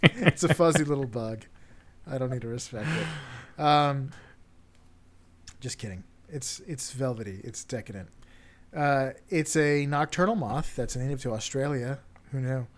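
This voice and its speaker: A man co-hosting a casual comedic podcast chat, jokey and laughing often as he reads out facts haltingly. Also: medium pitch. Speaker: podcast co-host.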